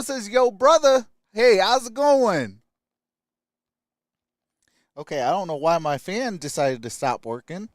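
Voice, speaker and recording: A man hosting a live stream, chatting casually and greeting viewers by name in an upbeat way. His voice sits high for a man and sounds smooth and clear. The sound is close and dry, with no room around it. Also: animated, takes it slowly, long pauses, dry recording. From Michigan. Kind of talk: casual live-stream chat reading comments.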